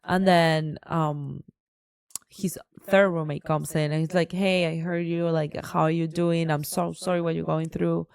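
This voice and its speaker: Woman cohost telling a story on a podcast, super animated, does all the voices. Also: deep voice, measured pace, vocal fry, smooth, no echo. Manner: animated, acts out dialogue. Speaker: podcast co-host. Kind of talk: casual storytelling chat.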